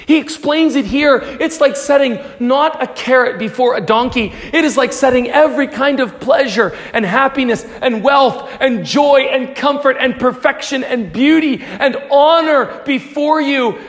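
A man preaches in a high, lifted voice. He presses hard on some lines and drops to a near hush on others. The sound trails off in the long reverb of a large hall. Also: normal speed, hardly any pauses. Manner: earnest preaching, swings from loud pleas to hushed prayer. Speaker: pastor. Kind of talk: sermon.

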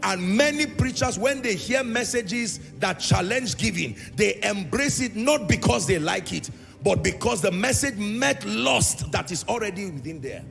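Gravelly preacher in an echoey hall. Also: male voice, sits high, animated, measured pace, a bit bright, faint music behind. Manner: emphatic preaching with repeated phrases and sung lines. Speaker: pastor. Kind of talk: sermon.

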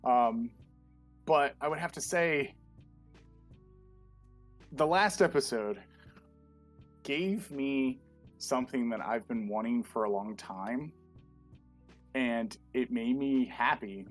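A man co-hosting a casual podcast chat, an excitable fanboy who leans on fillers. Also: mid-range voice. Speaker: podcast co-host. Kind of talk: casual chat reviewing a show.

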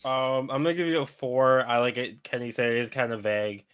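Man, podcast co-host, bright crisp voice, hesitant, lots of ums. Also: mid-range voice, fairly even intonation, a little fast. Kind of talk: casual podcast chat.

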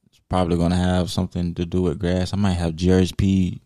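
A raspy young man, a hip hop artist, talking in a relaxed, rambling way with plenty of fillers in a casual podcast interview. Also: low-pitched, quick pace, no echo, clean studio sound.

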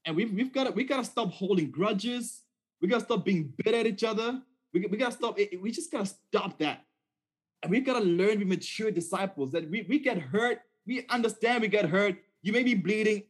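A man preaching a sermon in a conversational, animated storytelling way, often checking in with "okay?". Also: high-pitched, moderate pace, slightly rough.

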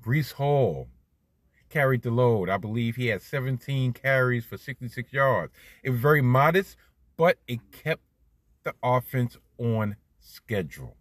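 Middle-aged new guy ranting about football, husky, swings all over in pitch. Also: a little slow, dry recording. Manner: animated, swears freely, swings loud. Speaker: podcast host. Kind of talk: solo sports commentary podcast.

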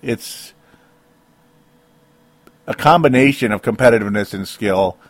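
Here the sports podcast host's voice is lowish and his pace measured, recorded without room sound. Speaking solo and emotionally, he rambles through his rant, stops himself midway, and slips in little laughs between points.

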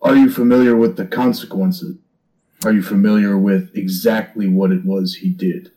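A man playing his character in a tabletop game, talking in a steady, firm, reasoning way. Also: fairly low pitch, moderate pace, poor audio. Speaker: player.

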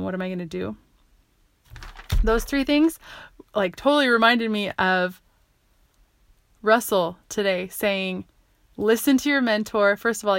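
A woman talking casually in her own vlog, rambling and excitable, often breaking off mid-sentence and restarting. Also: mid-range voice. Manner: rambling and excitable, many fillers, self-interrupting. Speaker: vlogger sharing what she learns. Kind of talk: casual self-recorded monologue.

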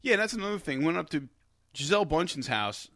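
A young man co-hosting a casual sports betting show, animated and swearing freely, his voice jumping high when he gets worked up. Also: a little fast, dry recording, studio quality. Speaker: podcast co-host.

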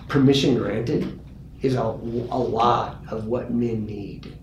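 A pastor telling a story in a conversational way, earnest, and lively when he quotes people. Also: medium pitch, slow, vocal fry. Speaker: pastor and grief guest. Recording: roomy with faint ambient noise.

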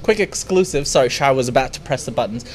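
A man's voice: medium pitch, animated, fast talker, slight background noise. A man co-hosting a live stream in a casual, joking way, reading out comments and thanking viewers. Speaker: livestream co-host.

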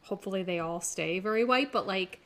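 A woman co-hosts a podcast, mostly chiming in with short, enthusiastic reactions. Her voice sits at a middle pitch with a casual, easygoing delivery. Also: fairly quick, fairly bright tone. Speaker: podcast co-host. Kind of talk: casual chat.

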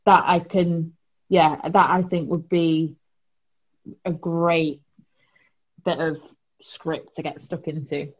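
Female guest, casual and rambling, slightly deep voice, muffled recording. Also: little pitch movement, takes it slowly, pauses often. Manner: rambling, searches for words, laughs. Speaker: podcast guest. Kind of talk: casual chat. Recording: dull lo-fi sound.

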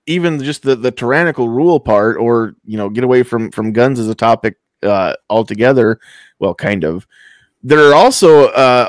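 A man's voice: mid-range voice, no echo. A man co-hosting a casual talk show about movies, rambling and restarting his sentences, laughing easily. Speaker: podcast co-host. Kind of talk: casual chat.

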